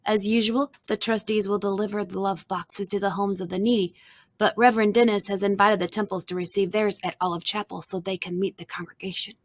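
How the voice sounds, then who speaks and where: A woman reading aloud voicing a gentle, loving mother in a storybook, close to her own voice. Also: medium pitch, steady tone, fairly quick, lightly acted. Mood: informing.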